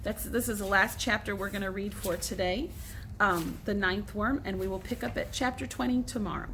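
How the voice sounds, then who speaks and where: Woman teacher, read-aloud storytelling, bright and clear. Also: medium pitch, fairly even intonation, brisk, a little hiss or hum. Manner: clear storyteller pacing with asides to listeners. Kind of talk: reading a novel aloud to children.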